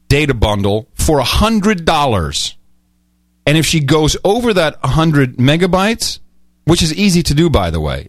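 Animated rambling man, dry sound. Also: medium pitch, no echo. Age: middle-aged. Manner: rambling, animated storytelling, with many restarts. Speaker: podcast host. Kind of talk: casual chat.

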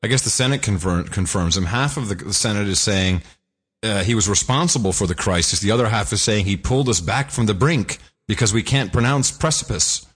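A man co-hosting a podcast, joking in casual chat with quick asides. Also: fairly low pitch, a bit bright, slightly rough. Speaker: podcast co-host.

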